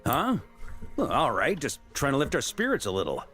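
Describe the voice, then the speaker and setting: Cheerful young knight, lively up-and-down voice, chatty, faint game music. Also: male voice, medium pitch, normal speed, slightly rough, heavily acted. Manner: chatty, upbeat. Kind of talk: video game dialogue.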